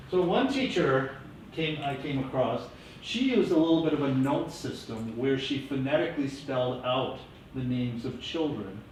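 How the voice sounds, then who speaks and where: A man teaching a classroom lecture, lively and coaching his students. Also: mid-range voice, normal speed. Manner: lively, coaching students through name pronunciation. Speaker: teacher educator. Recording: echoey classroom from far off, faint hiss.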